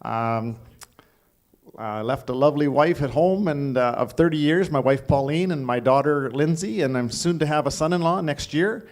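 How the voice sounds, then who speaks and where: A man's voice: on the high side, moderate pace. Middle-aged man from Alberta calling bids. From Alberta, Canada. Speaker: student auctioneer. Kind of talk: auction bid calling and self-introduction.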